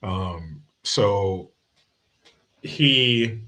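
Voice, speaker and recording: Hosting his livestream, a man jokes his way through family stories, swearing a lot and laughing frequently. His voice is on the low side and sharp, animated yet very slow.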